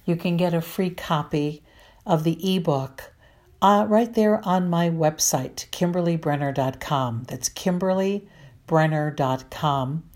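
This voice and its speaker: Middle-aged female counselor, slow and earnest, warm low voice, talks straight to listeners. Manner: earnest, repetitive, slow and deliberate. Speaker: marriage counselor. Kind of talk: advice talk to listeners.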